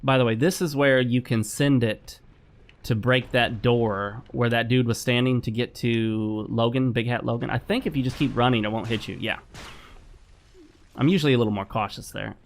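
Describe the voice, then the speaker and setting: A man's voice: medium pitch, normal speed. Male gaming host, mid-range voice, lecturing and repetitive commentary over live play. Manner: lecturing, repetitive, talks while playing. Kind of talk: casual gameplay commentary.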